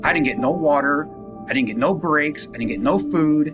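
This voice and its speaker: A man's voice: a little high, moderate pace. Guy telling what happened to him, urgent, guitar playing behind. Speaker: interviewee. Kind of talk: personal account. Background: guitar music.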